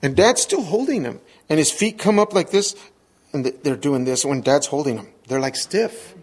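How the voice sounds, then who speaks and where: A middle-aged man preaching a sermon, telling a story with lively acted-out moments and sudden shouts. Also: fairly high pitch, normal speed, breathy edge. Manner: animated, acts out scenes with sudden shouts. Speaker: pastor.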